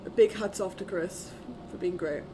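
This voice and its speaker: A young woman from the UK, live-streaming a game from her flat, chatting casually with her viewers and swearing offhandedly. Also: fairly low pitch, normal speed, background noise. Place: home in a flat.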